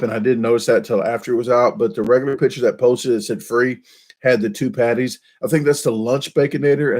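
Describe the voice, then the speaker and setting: A man chats loosely to his viewers in a middle-pitched, everyday voice, rambling and restarting his sentences. He pokes fun at himself as he goes and speaks into a desk microphone. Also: a little mellow. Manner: rambling, self-deprecating, with frequent restarts. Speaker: YouTube channel host. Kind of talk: casual rambling chat.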